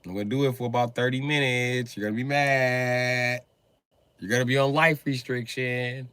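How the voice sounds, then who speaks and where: A man's voice: mid-range voice, fairly even intonation, normal speed, sharp tone, smooth, no echo. A man doing a profane, mocking comedy rant on a live stream, often laughing as he talks.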